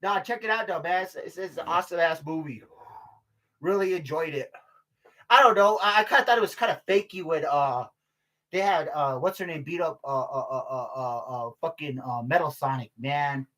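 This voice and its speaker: A little high and fairly bright, an older man's voice moves at a moderate pace as he vlogs in a loose, rambling monologue. He curses liberally, hangs on fillers, restarts his sentences, and laughs between comments.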